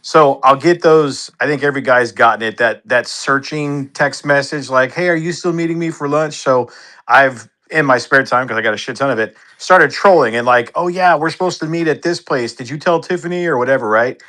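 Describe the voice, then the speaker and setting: A man's voice: mid-range voice, a little fast, pushed and bright. A man in a casual online chat, telling a laid-back anecdote and swearing freely.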